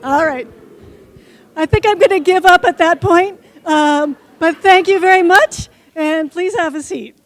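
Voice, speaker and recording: A woman's voice: extremely high pitch, normal speed, hardly any pauses. A woman giving a short conference talk who leads the audience in an improv exercise, coaxing the crowd playfully. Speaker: conference speaker. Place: conference hall stage.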